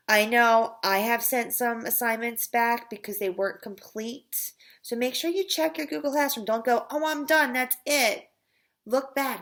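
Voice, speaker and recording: A woman's voice: medium pitch, a bit bright. A woman teacher reading a children's chapter book aloud to her students, with casual chatty asides.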